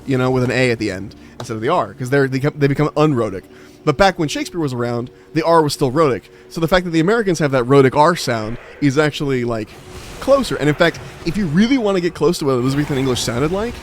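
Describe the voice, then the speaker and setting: A young man streams a game and chats in a loose, rambling way, often swearing and laughing at himself. His voice sits at an ordinary middle pitch. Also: fast talker, a little hiss or hum. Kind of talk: casual gaming stream chat.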